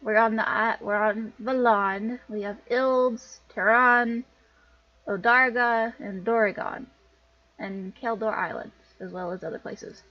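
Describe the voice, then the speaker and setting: A woman's voice: fairly high pitch, steady tone, measured pace. Chatty woman streaming a visual novel. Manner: chatty, self-correcting. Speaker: game streamer. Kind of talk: visual novel playthrough commentary. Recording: dull lo-fi recording.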